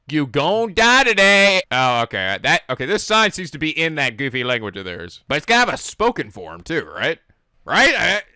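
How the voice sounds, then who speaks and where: High, lively male reaction host, bright voice, dry close mic. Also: dry recording. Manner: animated, laughs often, swears, exclaims. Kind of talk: casual reaction commentary.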